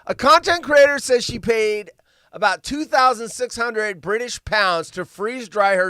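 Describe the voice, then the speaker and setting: A man's voice: very high voice, unhurried, pushed and bright, smooth, no room sound, clean studio sound. A man hosting a casual livestream. He rambles and sounds sarcastic and incredulous as he reacts to news stories. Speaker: livestream host.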